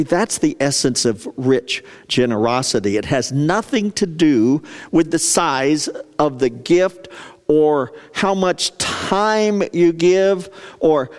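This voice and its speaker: A male pastor preaching a sermon in a chatty, storytelling way, often asking the congregation questions. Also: a little high. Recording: long reverb of a large hall.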